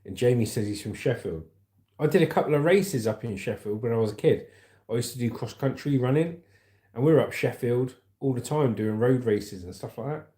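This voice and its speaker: A man's voice: mid-range voice, a little fast, mellow, roomy sound. A man hosting a livestream, chatting casually and rambling as he reads the news, often calling his viewers "mate".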